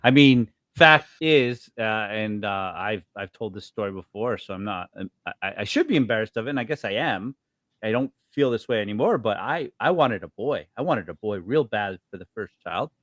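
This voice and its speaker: A man's voice: normal speed, dry recording, clean studio sound. A middle-aged man co-hosting a podcast, telling stories in casual chat and acting out quotes with big jumps in his voice. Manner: animated storyteller, acts out quotes with big pitch jumps. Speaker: podcast co-host.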